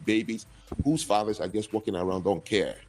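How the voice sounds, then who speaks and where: A man's voice: on the low side, steady tone, brisk, darkish tone, faint music behind. A man from Africa on a live-stream panel, listing points one by one in a sardonic way. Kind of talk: casual live-stream debate.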